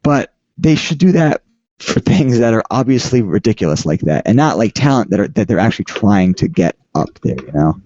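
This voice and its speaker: A man's voice: lowish voice, sing-song, warm tone, no room sound, muffled recording. A man hosting a casual podcast chat who rambles and restarts his sentences often. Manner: halting, rambling, frequent restarts. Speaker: podcast host.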